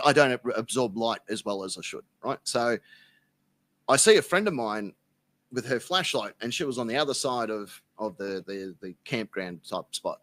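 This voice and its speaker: Bright-voiced Australian man telling stories. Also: mid-range voice, no room sound. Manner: animated, profane anecdote-telling. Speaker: podcast guest. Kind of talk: casual storytelling.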